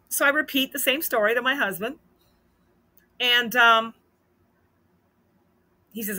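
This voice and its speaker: A woman hosting a casual storytelling vlog, animated and acting out the dialogue in her story. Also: fairly high pitch, moderate pace, pauses often. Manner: animated, acts out quoted dialogue. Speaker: host.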